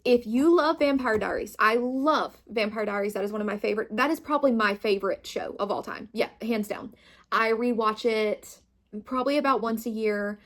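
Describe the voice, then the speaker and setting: A woman's voice: a little high, normal speed, a bit bright. A young woman chatting casually about books she read, gushing and enthusiastic. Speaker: booktube host. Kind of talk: casual reading wrap-up chat.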